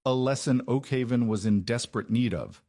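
A man voicing a sharp, scornful sister-in-law who grows shrill when cornered. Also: a little fast, close to an everyday voice.

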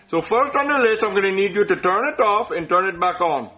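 A man's voice: high voice, lively intonation, brisk, a crowd in the background. A man playing a polite tech support agent who talks in scripted customer-service phrases, in a comedy sketch. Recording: lo-fi recording.

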